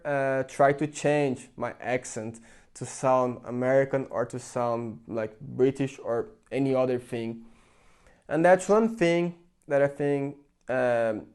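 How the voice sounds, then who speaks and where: A man's voice: mid-range voice, a little mellow, clean tone. A young man from Brazil, speaking English with a Brazilian Portuguese accent, giving an earnest, chatty opinion to his viewers with lots of "like" fillers. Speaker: vlogger. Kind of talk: casual opinion talk to camera.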